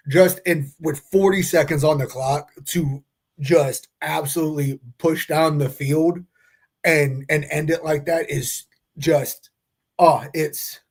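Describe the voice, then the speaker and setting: A man's voice: a little high, a little mellow. A man co-hosting a post-game podcast, rambling with many fillers and restarts. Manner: rambling, filler-heavy, chuckling. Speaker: podcast co-host. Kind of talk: excited post-game chat.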